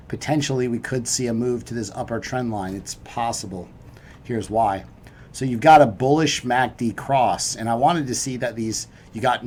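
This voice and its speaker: A man's voice: medium pitch, a little hiss or hum. A man hosting a crypto trading video, walking through price charts in a chatty, upbeat, casual way. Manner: chatty and upbeat, peppered with "right?" and "you know".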